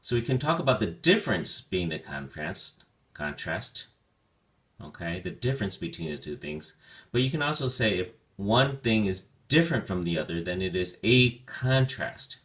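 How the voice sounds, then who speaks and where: A man teaching a vocabulary lesson, speaking slowly and deliberately and stretching out key words for learners. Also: lowish voice, very animated, a bit bright.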